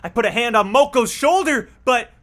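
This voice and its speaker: Jumpy, excitable let's-play streamer. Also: medium pitch, moderate pace.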